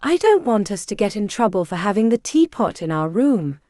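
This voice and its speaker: A woman voicing a quiet, secretive young witch who speaks softly and sweetly, in an audiobook. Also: medium pitch, big pitch swings, normal speed, no echo, studio quality, natural voice. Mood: sweetly pleading.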